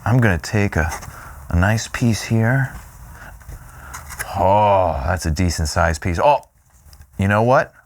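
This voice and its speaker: A man hosting a food tasting show, playful and excitable, humming with delight between bites. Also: on the low side, slow pace, long pauses. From Louisiana, US.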